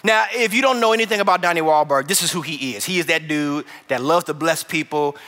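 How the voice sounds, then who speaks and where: A man from Chicago preaches with a high, bright, ringing voice, and tells his stories with lots of animation. The sound carries the long reverb of a large church hall. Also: fairly quick. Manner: animated storytelling, acts out voices. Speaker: pastor. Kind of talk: sermon.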